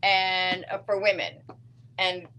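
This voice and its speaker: A woman's voice: lowish voice, flat delivery, takes it slowly, pushed and bright, a little hiss or hum. A middle-aged woman hosting a casual live knitting show, chatty and giggly, reading out viewer comments. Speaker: host.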